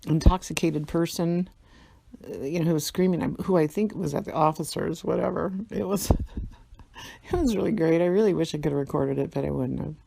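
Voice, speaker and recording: A woman's voice: lowish voice, moderate pace, vocal fry, mellow, breathy edge, dry recording. Profane, rambling woman telling a story. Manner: profane, rambling, laughs often. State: tired. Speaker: vlogger. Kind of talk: casual storytelling monologue.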